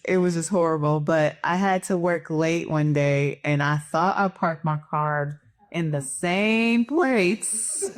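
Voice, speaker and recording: A woman on a discussion panel, telling a personal story in an animated way and acting out the quotes. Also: on the low side. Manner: animated, acts out quotes with laughter. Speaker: panel guest. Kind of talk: casual storytelling.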